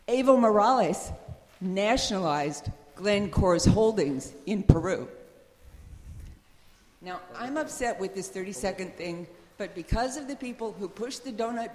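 A woman's voice: mid-range voice, a little mellow. A woman making an earnest, pointed public comment at a meeting, with flashes of frustration. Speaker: public commenter, radio news reporter. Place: meeting hall. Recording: long reverb of a meeting hall.

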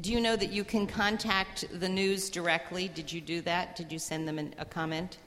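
A woman's voice: on the low side, fairly even intonation, a bit bright. Woman chairing a meeting in a noisy hall. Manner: brisk, procedural. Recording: distant mic in a reverberant hall with noise.

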